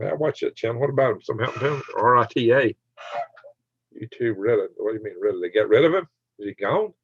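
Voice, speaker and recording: A man's voice: medium pitch, no echo. A man hosting a late-night livestream, joking, laughing often and reading chat comments aloud. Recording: dry, slightly dull sound.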